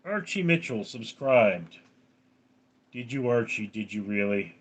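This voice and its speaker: A tired, yawning man hosting a casual livestream, talking in a drowsy, halting way and greeting viewers by name. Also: expressive, breathy edge. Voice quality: drowsy, low-key. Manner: slow, halting, reads out viewer names. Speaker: livestream host.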